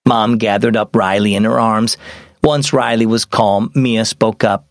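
Dry, animated male children's storyteller. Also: fairly low pitch, measured pace, no room sound. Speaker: host of children's devotional show. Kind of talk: scripted narration for children.

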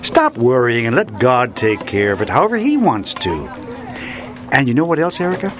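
A kindly mentor who counsels children with patience and a ready chuckle. His voice rises and falls in a lively way, and a crowd murmurs behind him in this radio drama. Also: medium pitch, normal speed. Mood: reassuring. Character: kindly older shopkeeper mentor, gently teasing.

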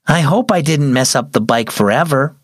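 An impatient young boy, as a male narrator puts him on, talking earnestly and a little pleadingly. His voice rises higher than the storyteller's own and swings with feeling. The recording is close and dry. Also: animated, normal speed, breathy edge, dry recording.

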